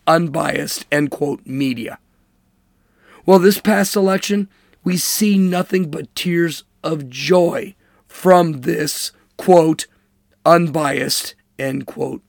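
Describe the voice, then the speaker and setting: A man's voice: a little high, takes it slowly, gravelly, a little mellow, no room sound, clean studio sound. A man hosting a political commentary show, talking in an emphatic, sarcastic monologue and mocking with air quotes. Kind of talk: opinionated monologue.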